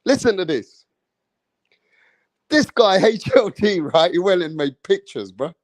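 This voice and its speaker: A man's voice: sits high, animated, measured pace, dry recording. A man ranting in a boastful, profane and heated way as a boxing YouTuber. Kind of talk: ranting commentary.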